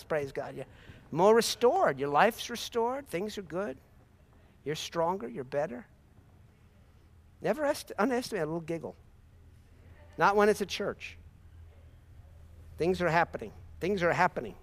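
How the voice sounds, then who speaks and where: A man's voice: sits high, big pitch swings, moderate pace, pauses often. A man preaching a sermon with impassioned, repetitive phrasing and sudden bursts of praise.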